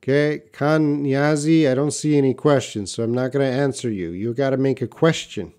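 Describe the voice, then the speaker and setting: A man's voice: mid-range voice, normal speed, darkish tone. A Canadian man teaching English on a live stream, reading viewers' comments aloud and answering them bluntly.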